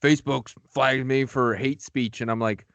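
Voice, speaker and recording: A man's voice: mid-range voice, fairly even intonation, normal speed, fairly bright tone, clean tone, no room sound, muffled recording. Laid-back male co-host, dry sound. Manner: laid-back, short profane interjections. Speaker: podcast co-host. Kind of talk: casual chat.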